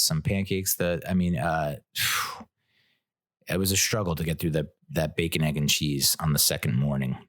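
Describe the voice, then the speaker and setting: A man's voice: low-pitched, a bit bright, dry recording, studio quality. A man hosting his own podcast, telling a rambling, self-mocking story and laughing at his own jokes. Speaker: podcast host. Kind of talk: casual solo podcast storytelling.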